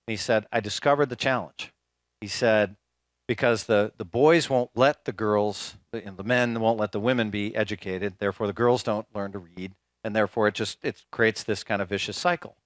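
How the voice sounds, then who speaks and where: A man with a fairly low voice gives a keynote at a conference, telling stories in a loose, chatty way full of "um"s and restarts. The sound is dry and close to the mic, with almost no room echo. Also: steady tone, moderate pace. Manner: casual storytelling with fillers and restarts. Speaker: speaker. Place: conference hall, live talk.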